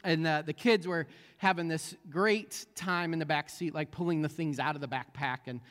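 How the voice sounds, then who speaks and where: A pastor preaches a sermon, telling his story in a halting way full of ums and restarts. His male voice sits a little high. A long reverb trails behind him in the hall. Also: fairly bright tone. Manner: storytelling with many fillers and restarts.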